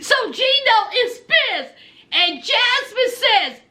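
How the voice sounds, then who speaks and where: A woman, tipsy, recapping a reality show in a casual, animated storytelling way, acting out what people said. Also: extremely high pitch, takes it slowly. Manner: animated storyteller, acts out quotes, laughs. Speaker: recap commentator.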